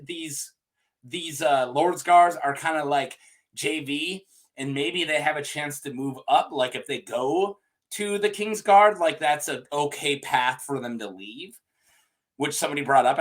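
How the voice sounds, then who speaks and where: A man's voice: a little high, normal speed. A man talking to his viewers in an unedited, rambling rant, joking and improvising as he goes. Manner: rambling, jokey, improvised, with restarts and laughs. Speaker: video creator talking to viewers.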